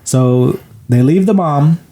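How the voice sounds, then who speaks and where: A man's voice: a little high, slow, dark tone. A man co-hosting a podcast, recapping a movie plot in casual chat and acting out the characters' lines. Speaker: podcast co-host.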